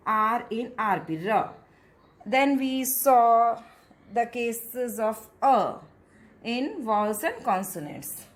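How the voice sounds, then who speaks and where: A woman with an Indian English accent teaching an English pronunciation lesson, speaking deliberately, repeating words and mixing in Hindi phrases. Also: fairly high pitch. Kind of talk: classroom lesson.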